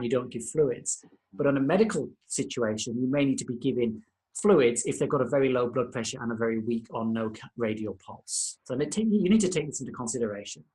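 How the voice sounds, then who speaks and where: Australian male lecturer teaching paramedics. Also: medium pitch. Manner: instructive, informal. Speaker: senior lecturer. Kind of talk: recorded lecture.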